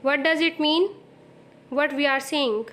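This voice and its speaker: A woman teacher with a Pakistani English accent delivers a recorded lesson. Her voice sits high and she speaks at an unhurried, deliberate pace. She repeats key phrases to drive each point home. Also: a bit bright. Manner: slow, explanatory, repeats phrases for emphasis.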